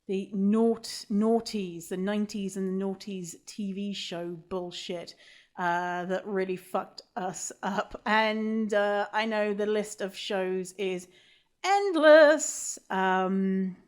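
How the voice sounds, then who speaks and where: A woman's voice: mid-range voice, slow. A woman hosting a podcast in casual chat, joking at her own expense and swearing freely. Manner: self-mocking, swears freely. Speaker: podcast host.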